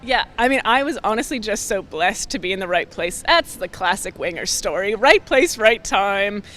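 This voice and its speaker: A woman's voice: medium pitch, expressive, normal speed, fairly bright tone. A young woman, a rugby player chatting casually in an interview, upbeat and full of "like" fillers. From Canada.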